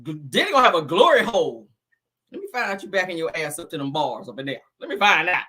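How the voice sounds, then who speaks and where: A man's voice: fairly high pitch, sing-song, quick pace, pushed and bright. A man hosting casual gossip commentary in a flamboyant, sassy, cackling manner.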